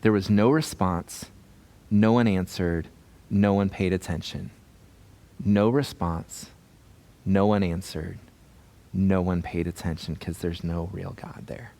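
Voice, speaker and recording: A man preaching a sermon as pastor, reading scripture and acting out the voices in the story with lively energy. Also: deep voice, takes it slowly, vocal fry, long pauses. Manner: animated, acts out voices in retelling.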